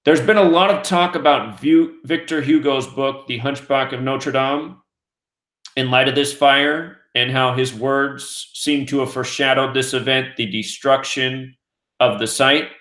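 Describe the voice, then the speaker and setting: A man from the United States hosting a news commentary show, giving an earnest, steady, scripted monologue. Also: mid-range voice, a little slow. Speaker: host of a conspiracy news channel. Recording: roomy echo.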